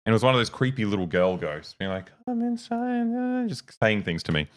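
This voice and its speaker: A man's voice: deep voice, expressive, fast, a bit bright. A young man on a casual podcast, telling a story with animation and plenty of swearing. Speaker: co-host.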